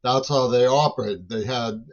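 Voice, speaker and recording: A man's voice: mid-range voice, moderate pace. An older man delivering a long, agitated, rambling monologue, often breaking off words and restarting. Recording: dull lo-fi recording.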